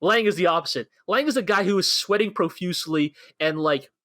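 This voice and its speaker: A man's voice: high-pitched, brisk, fairly bright tone, no echo, studio quality. A man co-hosting a podcast in casual chat, rambling with lots of fillers and spinning playful modern analogies. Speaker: podcast co-host.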